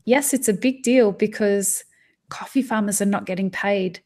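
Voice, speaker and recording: A woman's voice: mid-range voice, moderate pace, mellow. A woman in a casual podcast conversation, her voice sitting in a middle register. She speaks with real passion, tripping over restarts and dropping swear words as she goes. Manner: impassioned, frequent restarts and swearing.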